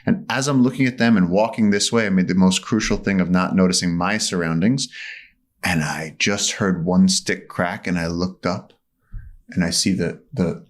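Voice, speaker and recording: A man telling a vivid story as a podcast guest. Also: low voice. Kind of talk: conversational storytelling.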